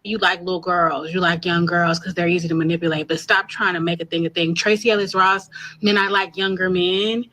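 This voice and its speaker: A woman's voice: lowish voice, level tone, fast, few pauses, sharp tone. A woman in a played clip, ranting bluntly and swearing heavily in exasperation. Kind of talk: profane rant clip.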